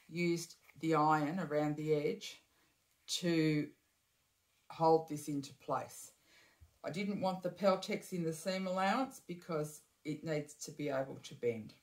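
A woman with a slightly low voice walks through a bag-sewing step in a casual, chatty way, often breaking off to correct herself or add an aside. Her voice carries an echo from the room she is in. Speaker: bag-making tutor. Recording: echoey room.

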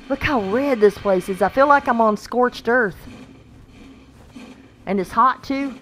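A woman's voice: on the high side, slow, long pauses, fairly bright tone, a little hiss or hum. A woman giving casual, chatty gameplay commentary, talking to the creatures on screen and laughing often. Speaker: gaming channel host.

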